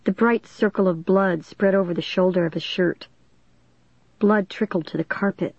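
A woman's voice: mid-range voice, steady tone, normal speed, a little mellow, husky, no echo. A woman narrating a storybook in a tense, dramatic reading. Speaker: audiobook reader. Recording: dull dry recording.

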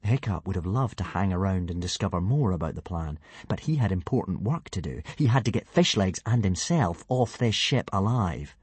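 A man narrating a children's adventure story in a playful, lively manner. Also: deep voice, normal speed, hardly any pauses, breathy edge, no echo. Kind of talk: audiobook narration.

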